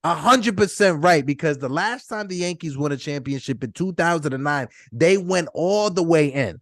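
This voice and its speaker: A man co-hosting a casual sports fan show, energetic and hyped as he reads viewer messages aloud. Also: fairly high pitch, normal speed, hardly any pauses, no room sound, clean studio sound. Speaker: co-host. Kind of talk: casual sports podcast chat.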